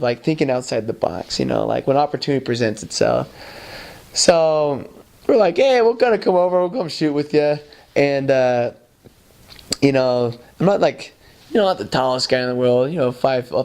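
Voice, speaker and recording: A man's voice: medium pitch, clean tone. A man, a former missionary, telling a personal anecdote in a loose, chatty way and acting out other people's lines. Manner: animated storytelling that acts out other people's lines; loose and chatty, full of "like" and "you know". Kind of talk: personal anecdote told to camera.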